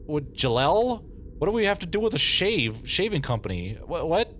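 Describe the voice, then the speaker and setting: A male streamer giving live game commentary, playful and quick to laugh, with lots of exclamations. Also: on the high side, big pitch swings, a bit bright, slight background noise.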